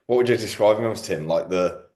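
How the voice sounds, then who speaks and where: A man's voice: lowish voice, brisk, a little mellow. A man hosting a podcast, chatting casually with lots of slang and banter. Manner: banter-heavy, slangy, joking. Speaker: podcast host. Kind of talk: casual chat.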